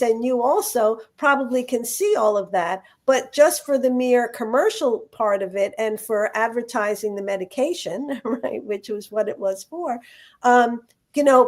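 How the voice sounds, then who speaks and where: A woman's voice: fairly high pitch, moderate pace, a little mellow. A woman hosting a radio talk show, speaking in a loose, conversational way full of restarts. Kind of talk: casual radio chat.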